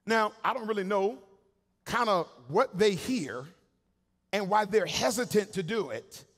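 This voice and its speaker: A man pastor preaching a sermon, slangy, acting out the voices of Bible characters, rising into shouts and sung cadences. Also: high-pitched, expressive, measured pace. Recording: long hall reverb.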